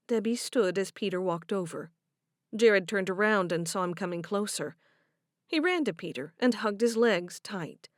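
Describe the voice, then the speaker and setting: A woman's voice: medium pitch, expressive, moderate pace, no room sound, clean studio sound. A woman reading a novel aloud as an audiobook narrator, giving each character a voice.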